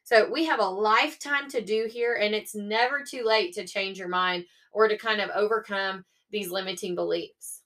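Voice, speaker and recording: A woman's voice: mid-range voice, fairly even intonation, normal speed, hardly any pauses, a bit bright. A young woman hosting a faith-based motivational podcast, upbeat and coaxing, often checking in with her listeners. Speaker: podcast host.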